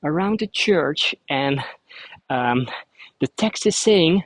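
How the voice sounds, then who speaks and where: A man's voice: fairly high pitch, lively intonation, takes it slowly, no room sound, low-quality recording. A Dutch man, a native Dutch speaker using English, guides a cycling tour of a city outdoors and explains at length with frequent restarts. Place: outdoors in a city square, riding a bike.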